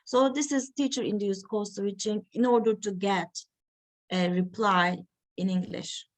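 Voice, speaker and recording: A woman giving an academic reading session, talking slowly and haltingly with many fillers. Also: medium pitch, fairly even intonation. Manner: slow, halting delivery with frequent fillers. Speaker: lecturer.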